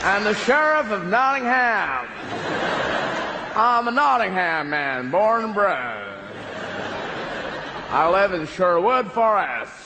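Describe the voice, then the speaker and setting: An English comedian putting on an American accent to play a swaggering movie Robin Hood, speaking slowly and loudly. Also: male voice, high-pitched, big pitch swings, a crowd in the background, full character voice. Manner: slow, loud, swaggering drawl. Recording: echoey hall, noisy live room.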